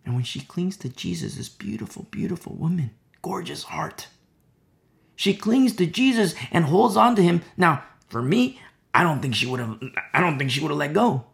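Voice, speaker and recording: Gravelly-voiced man preaching a sermon. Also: fairly high pitch, sing-song, normal speed, fairly bright tone. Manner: conversational, filler-heavy preaching with acted quotes, dropping to whispers. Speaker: pastor.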